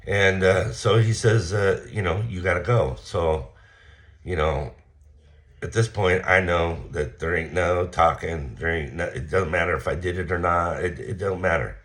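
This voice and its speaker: A man's voice: deep voice, measured pace, long pauses, fairly bright tone. A man casually telling a story in a blunt, profane rant, acting out his heated replies. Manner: blunt and profane, retelling a confrontation with heated quoted lines. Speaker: vlogger.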